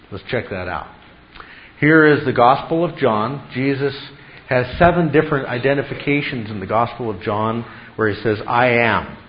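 A man's voice: medium pitch, highs cut off. A man teaching a Bible class in a classroom, emphatic and full of rhetorical questions to his students.

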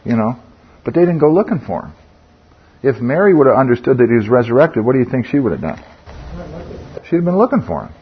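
A man's voice: medium pitch, sing-song, quick pace, pauses often, slightly rough. An older man teaching a Bible study group in a conversational way, asking the group questions, with fillers and restarts. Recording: dull lo-fi sound.

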